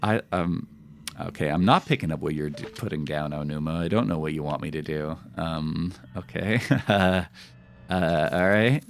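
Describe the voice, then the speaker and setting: A man's voice: a bass voice, moderate pace, gravelly, faint music behind. A man streaming a video game live, chatting to viewers and joking about his own mistakes. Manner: animated, talks to chat and jokes about his fails. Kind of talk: live gameplay commentary.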